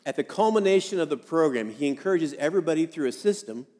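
A man's voice: a little high, lively intonation, fast talker, darkish tone, long reverb tail. A man giving a sermon as a pastor, speaking conversationally and repeating key phrases for emphasis.

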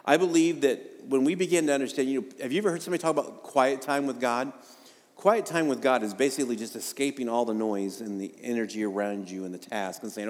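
A man's voice: medium pitch, fast. A man preaching a sermon in a chatty, personal way, lifting his voice for emphasis. His voice sits in a middle register. It carries a long reverb, as in a church hall. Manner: conversational preaching with jokes and rising emphasis. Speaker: pastor.

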